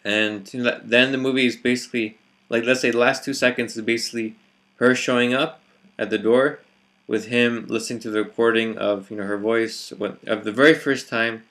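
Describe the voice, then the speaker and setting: A man's voice: mid-range voice, fairly even intonation, brisk, a bit bright. A man vlogging his reflections in a hesitant, casual monologue, full of fillers and restarts.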